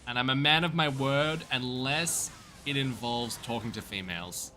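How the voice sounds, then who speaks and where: A man with a mild Australian accent talks casually to his viewers during a gaming livestream. His voice is bright and forward, upbeat and jokey. A faint hiss of noise sits under the recording. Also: mid-range voice, moderate pace. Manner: upbeat, jokey, chatting to viewers while playing. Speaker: streamer.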